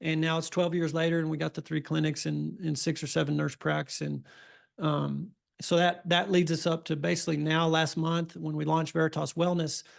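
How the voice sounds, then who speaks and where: Brief: middle-aged man, country doctor, folksy storyteller, gravelly voice, flat delivery. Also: on the high side, moderate pace. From Texas. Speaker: family doctor. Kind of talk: storytelling interview.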